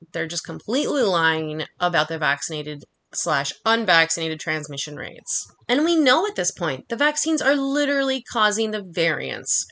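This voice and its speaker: A woman delivering an angry, profanity-laced monologue, talking fast and heatedly. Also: fairly low pitch, sharp tone. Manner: heated, swearing constantly, rapid rant.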